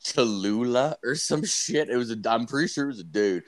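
A young man co-hosting a laid-back podcast tells stories full of profanity, laughing as he performs the back-and-forth. He talks fairly quickly with an expressive, medium-pitched voice.

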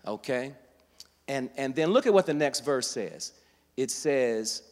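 A man preaching a sermon as pastor, teaching from scripture and building to fervent, loud delivery. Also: on the high side, big-room sound.

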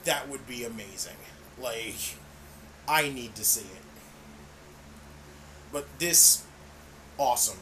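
A man's voice: medium pitch, lively intonation, takes it slowly, long pauses, pushed and bright, slight background noise. A man co-hosting a casual wrestling podcast, swearing freely and laughing often. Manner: profane, enthusiastic, laughs often. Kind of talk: casual chat.

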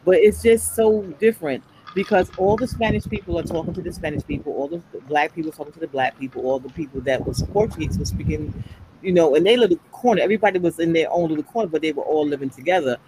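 A woman's voice: sits low, fast, mellow, slight background noise, poor audio. A woman chatting on a podcast, telling stories animatedly and acting out the voices she quotes. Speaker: podcast panelist. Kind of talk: casual chat.

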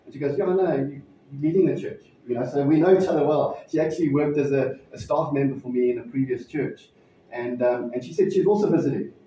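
A pastor telling a personal story in a sermon, conversational and halting, with frequent restarts. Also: male voice, medium pitch, mellow, slight background noise. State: emotional, near tears. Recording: distant mic in echoey hall, dull sound.

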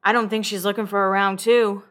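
A woman hosting a casual recap chat, talking freely with plenty of swearing and quick laughs. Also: mid-range voice, level tone, fairly bright tone. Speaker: podcast host recapping a reality show.

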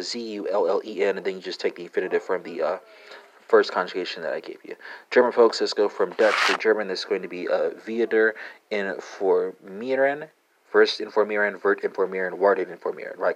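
Brief: low-voiced male language-lesson host, methodical, filler-heavy, spells words letter by letter. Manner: steady, methodical, many "uh" fillers and "right?".

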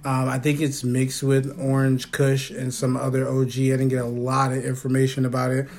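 A man's voice: mid-range voice, monotone, moderate pace, darkish tone. A man hosting a casual podcast, loose and joking, laughing often and swearing freely. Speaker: podcast host. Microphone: phone.

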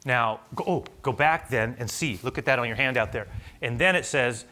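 A man preaching a sermon in a church in a mid-pitched, everyday voice. He talks in a loose, conversational way, tossing in asides and rhetorical questions to the congregation. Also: normal speed, sharp tone. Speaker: pastor.

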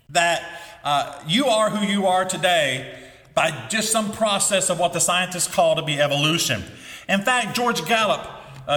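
A man's voice: sits high, sharp tone. A middle-aged man preaching a sermon as pastor, with emphatic delivery that rises on key phrases. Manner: emphatic preaching with rising exclamations. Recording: echoey hall with long reverb.

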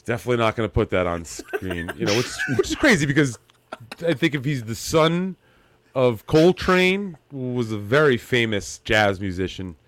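A man's voice: mid-range voice, very animated, moderate pace, fairly bright tone, a little hiss or hum. A man with a New York accent hosting a casual podcast over a video call, joking around, swearing freely and laughing at his own slips. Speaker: stand-in podcast host.

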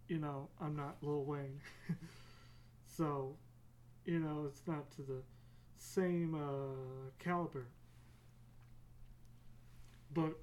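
A man's voice: a little high, a little mellow. A man hosting a casual solo podcast, rambling with many fillers and self-deprecating humor. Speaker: podcast host.

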